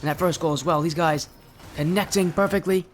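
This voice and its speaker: A man casting an esports match live, calling the plays in a quick, flowing play-by-play. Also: on the high side, steady tone. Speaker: esports caster.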